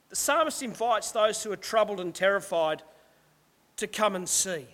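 A man with a notably high voice preaching with emphasis and throwing rhetorical asides to the congregation. His words ring out with a long echo, as in a large church hall. It is a delivered sermon, not a casual talk. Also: lively intonation, moderate pace, fairly bright tone. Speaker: pastor.

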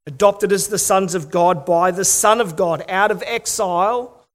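A man's voice: sits high, unhurried. A middle-aged Australian man preaching a sermon, telling stories with wry humor and rhetorical questions. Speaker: pastor.

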